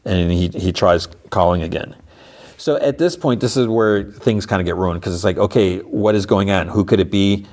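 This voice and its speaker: Man, podcast host, very low voice, rambling casual recap. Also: normal speed, a little mellow. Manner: rambling, filler-heavy storytelling.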